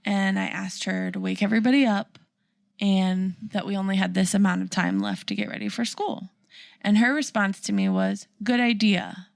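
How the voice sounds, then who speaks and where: Gravelly-voiced woman telling a family story. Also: mid-range voice, no echo, clean studio sound. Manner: animated storyteller, acts out quotes with laughter. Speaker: podcast co-host. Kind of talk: casual storytelling chat.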